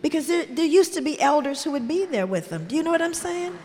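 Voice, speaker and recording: An older woman, a grandmother and guest, reflects on her life through earnest, heartfelt storytelling in conversation, full of "you know" asides. She speaks high-pitched and quick, with lively intonation and a darkish tone, in a recording with long hall reverb.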